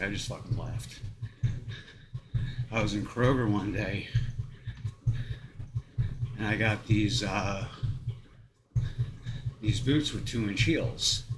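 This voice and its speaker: Low-voiced American man rambling on a treadmill. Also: measured pace, pauses often, noisy background. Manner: rambling, profane, with frequent laughs and fillers. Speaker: vlogger. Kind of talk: casual monologue while walking on a treadmill. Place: home treadmill.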